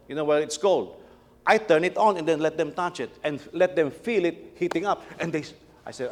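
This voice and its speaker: Brief: middle-aged pastor, higher-pitched man, chatty sermon with stumbling repeats, long hall reverb. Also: expressive, a little fast. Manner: conversational, repeats words, tells family anecdotes.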